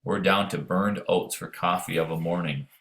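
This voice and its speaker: A man's voice: sits low, fairly even intonation, normal speed, gravelly, fairly bright tone, reverberant. A man doing a terse, guarded young Union soldier.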